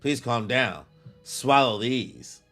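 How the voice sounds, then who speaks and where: A sleazy thug pretending to be a cop coaxes and threatens, as a man reads his lines aloud. The delivery is slow and casual. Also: medium pitch, expressive, a bit bright, faint music behind.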